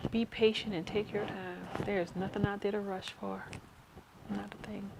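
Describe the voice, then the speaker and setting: A woman's voice: medium pitch, vocal fry, noisy background. A woman hosting a casual live stream, chatting frankly and answering questions from her viewers. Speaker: host.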